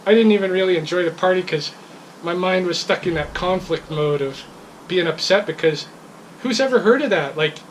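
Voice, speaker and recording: Speaking at a normal pace in a voice on the low side, a woman casually tells a rambling tale about complaining as a customer, becoming heated and laughing in her frustration. The recording is rough, with slight background noise.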